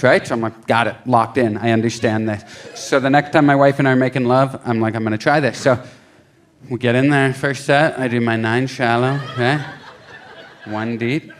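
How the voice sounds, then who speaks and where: A young adult man performing a stand-up comedy set on a club stage into a handheld mic, telling a story with lively acted-out quotes. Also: medium pitch, normal speed. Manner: animated storytelling, acting out quotes.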